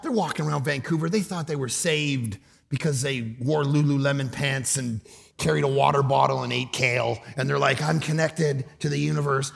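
Animated preacher man in a big hall. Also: a little high, creaky. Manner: animated storytelling, often shouting for emphasis. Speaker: pastor. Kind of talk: sermon. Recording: long hall reverb.

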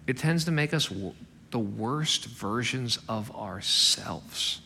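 A man preaching a sermon as a pastor, animated and emphatic, acting out the quotes he tells. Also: mid-range voice, slow pace, creaky, slight background noise. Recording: long hall reverb.

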